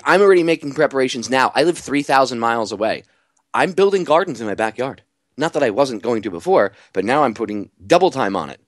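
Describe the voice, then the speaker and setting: A man hosting a talk radio show, delivering an animated, sarcastic monologue full of rhetorical questions. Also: on the high side, dry recording, clean studio sound.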